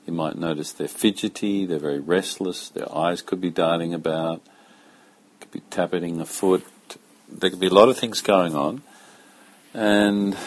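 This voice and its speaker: A man giving a slow, calm spoken lesson as a yoga teacher, talking in a measured, deliberate way with pauses. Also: low voice, slightly rough.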